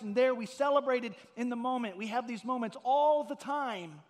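A middle-aged man preaching a sermon as a pastor, telling stories earnestly and rising to loud, emphatic peaks. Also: very high voice, moderate pace, big-room sound.

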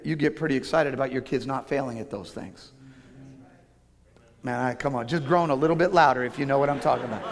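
A man preaching a sermon, telling personal stories with animated, self-deprecating humor. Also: on the high side. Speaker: pastor. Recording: long reverb of a large hall.

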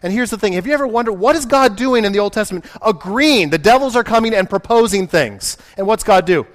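A man's voice: high-pitched, animated, fast. A man preaching a sermon in a conversational way, asking his listeners questions and acting out the voices he quotes.

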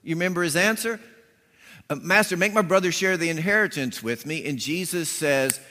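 Animated male pastor in an echoing hall. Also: on the high side, fairly quick. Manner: animated storytelling, acting out voices with punchy emphasis. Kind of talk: sermon. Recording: long hall reverb.

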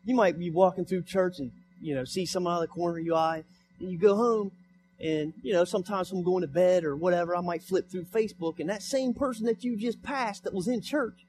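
A man's voice: sits high, brisk, darkish tone, faint music behind. A young man preaching a sermon in church, repeating his points with rising emphasis. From United States. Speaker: pastor. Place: church sanctuary.

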